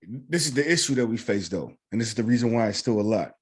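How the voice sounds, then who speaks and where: A man's voice: on the low side, expressive, fast, husky. A man co-hosting a podcast, speaking in casual chat that is earnest, lecturing and profane.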